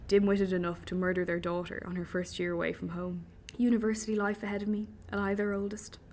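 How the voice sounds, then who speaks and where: A woman's voice: fairly low pitch, gravelly, slight background noise. A woman reading a first-person story with dry humour. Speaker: audiobook narrator.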